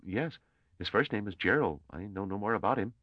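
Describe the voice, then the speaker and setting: A man's voice: on the low side, expressive, fairly quick, no echo, dull audio, voice pushed up. A man voicing an earnest, anxious young male scholar who speaks deferentially under pressure. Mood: nervous.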